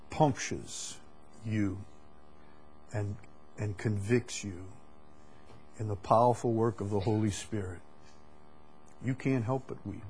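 A man teaching the Bible in a conversational way, deliberate, often repeating words with frequent fillers. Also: on the low side, mellow.

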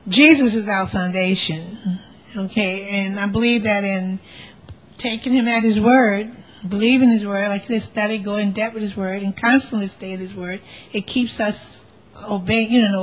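A woman in a church Bible study answering earnestly, in long halting run-on sentences. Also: mid-range voice, steady tone, poor audio.

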